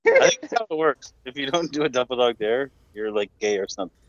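A man's voice: mid-range voice, very animated, fast talker, dry recording, lo-fi sound. A man co-hosting a casual banter show, tossing out dry teasing quips. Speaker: podcast co-host.

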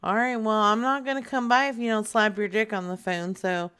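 A woman's voice: on the high side, steady tone, fairly quick, fairly bright tone, clear, resonant tone. A young adult woman making a prank phone call, brash and teasing, laughing often. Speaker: prank caller.

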